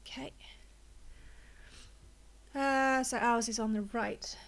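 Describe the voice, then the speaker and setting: Here a woman's somewhat high, slightly bright voice stays steady and slow as she plays a game on stream. She narrates her decisions and muses aloud in a relaxed, chatty way, a bit out of breath and congested.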